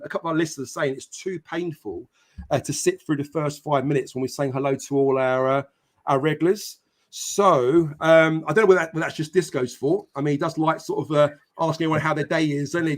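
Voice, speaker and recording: A man hosting a live football podcast stream, chatting casually with many fillers and greeting viewers by name. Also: on the high side. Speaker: podcast host.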